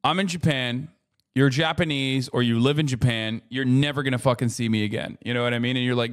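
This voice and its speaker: A man's voice: mid-range voice, steady tone, fairly quick. A man streaming a reaction video, talking in a rambling, profane, joking way. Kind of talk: casual profane reaction commentary. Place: home streaming room.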